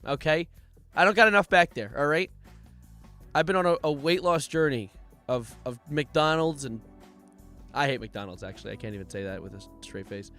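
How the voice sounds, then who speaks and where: Young male streamer, bright and slightly high, jokey casual chat, faint music behind. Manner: jokey, animated, reads donations aloud. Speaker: live streamer.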